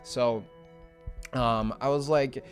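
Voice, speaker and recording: A young man streaming casually as an animator, rambling with fillers and swinging from low mumbles to loud, excited yelps. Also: slow. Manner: rambling with many fillers and restarts. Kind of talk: casual livestream chat. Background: faint music.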